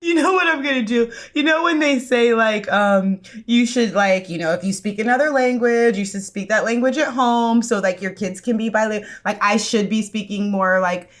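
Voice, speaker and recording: Lively high-voiced woman podcast host. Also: moderate pace, hardly any pauses. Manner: animated, swearing, laughing storyteller. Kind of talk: casual chat.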